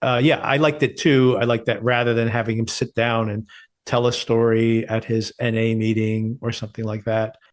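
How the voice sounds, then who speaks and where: Guy on a podcast breaking down a tv episode, average pitch, talks freely and chuckles a lot. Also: flat delivery, moderate pace. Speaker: podcast co-host. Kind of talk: casual TV review chat.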